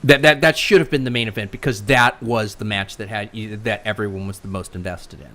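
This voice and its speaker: A woman's voice: rumbling low, brisk, fairly bright tone. A woman hosting a casual chat podcast, sarcastic and rambling, often stuttering as she talks. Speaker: podcast host.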